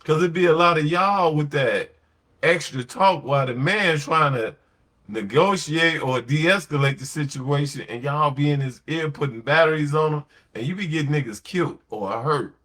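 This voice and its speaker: A man's voice: fairly high pitch, normal speed, fairly bright tone. A man talking on a late-night podcast in a blunt, slangy, emphatic way, telling stories and giving opinions. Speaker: podcast host.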